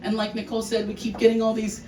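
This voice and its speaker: A woman giving a heartfelt memorial speech for her uncle, emotional and halting, with restarts and laughs. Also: a little high, monotone, dark tone. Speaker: family member giving a eulogy. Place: large hall with an audience. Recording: echoey room, distant mic, noisy.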